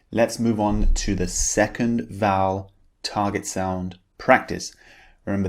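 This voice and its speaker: Slow, deep-voiced British English teacher. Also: male voice. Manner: deliberate, modeling words for learners to repeat. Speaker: pronunciation teacher. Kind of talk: scripted pronunciation lesson.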